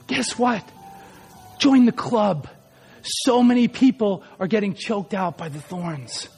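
Fervent high-voiced man preaching. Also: animated, a little slow, breathy edge, faint music behind. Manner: impassioned, swinging from fervent shouted prayer to low intimate talk. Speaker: pastor. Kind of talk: sermon and prayer.

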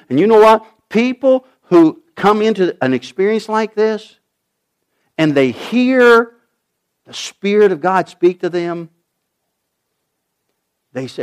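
A male pastor preaching a sermon, swinging from loud urgent shouts to hushed, almost whispered asides. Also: high-pitched, slow pace, pauses often, smooth. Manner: animated preaching, rising to shouts, dropping to near whispers.

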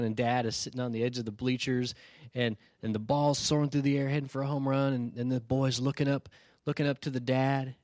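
A male pastor delivers a sermon in a conversational, storytelling style, often checking in with "right?" and earnestly challenging his listeners. His voice sits in the mid range, and the studio-quality recording has no echo.

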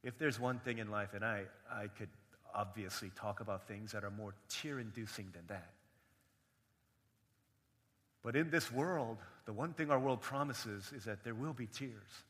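A young adult man preaching a sermon as pastor, swinging from raised, emphatic lines to quiet storytelling. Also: fairly low pitch, normal speed. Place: church sanctuary. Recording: long hall reverb.

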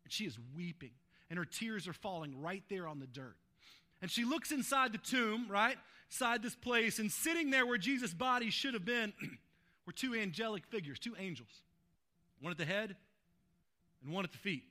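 Man, sermon, bright tense voice, informal preaching. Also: high voice, expressive, moderate pace. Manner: informal, asks "right?" to the listeners. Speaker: pastor. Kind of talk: conversational sermon.

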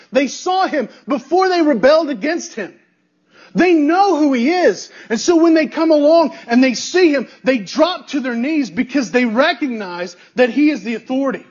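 A man with a high voice preaching a sermon as a pastor. He hammers home his points by repeating key phrases and throwing rhetorical questions at the listeners. The recording sounds dull and a little muffled. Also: breathy edge.

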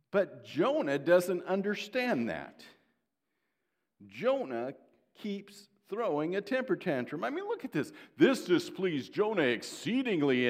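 A male pastor preaching a sermon, telling stories in an animated way and dropping in sarcastic asides. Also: medium pitch. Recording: long hall reverb.

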